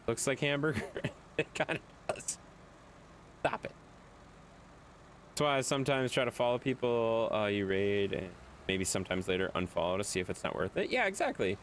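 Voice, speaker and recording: A man's voice: lowish voice, lively intonation, fairly quick, slight background noise. A man streaming a video game, chatting casually with viewers, reading their chat aloud and laughing often.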